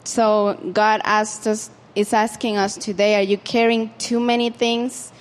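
A woman's voice: medium pitch, little pitch movement, measured pace, in a large hall. A woman preaching an informal sermon in a conversational way, with frequent fillers and restarts.

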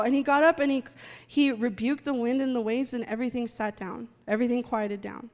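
A woman's voice: on the high side, steady tone, a little fast. A woman preaching a sermon and leading prayer in a church, speaking with fervent conviction. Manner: fervent, rising to loud praying. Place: church sanctuary. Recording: long hall reverb, faint music.

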